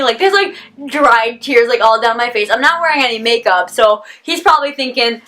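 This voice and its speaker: A teenage girl vlogger telling a story casually, rambling with lots of "like" and animated quoted reactions. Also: on the high side, a little fast. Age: teens. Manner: animated, rambling, heavy use of "like".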